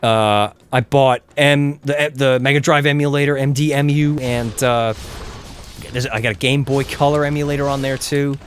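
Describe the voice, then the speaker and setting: A man's voice: mid-range voice, fairly even intonation, normal speed, a little hiss or hum. A young man, rambling casually about gadgets and reading chat while he streams a game from home. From England. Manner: rambling, chatty, swears when the game goes wrong. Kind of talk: casual gameplay commentary.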